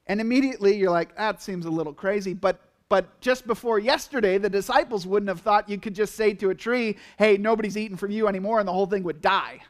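Talking fast with hardly any pauses, a pastor delivers a sermon in a relaxed, chatty style. His voice is fairly high, and he livens things up by performing quotes and the audience's reactions as asides.

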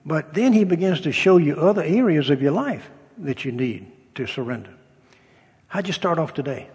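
A man's voice: fairly high pitch, animated, moderate pace, a little mellow, breathy edge. An older man, a pastor, preaching a sermon in a folksy storytelling way, with humor and acted-out dialogue. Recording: long reverb of a hall.

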